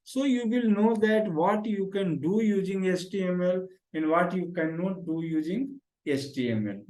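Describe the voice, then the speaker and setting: A man's voice: high voice, normal speed, a little mellow, roomy sound, low-quality recording. A man teaching a beginner HTML lesson, repeating phrases and calling the class "guy". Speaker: programming teacher. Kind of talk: screen-share coding lesson.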